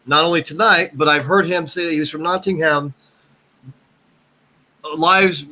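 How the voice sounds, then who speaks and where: An American man chatting casually on a live stream, halting and often restarting his sentences. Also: fairly high pitch, fairly even intonation, pushed and bright. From United States. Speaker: chat guest.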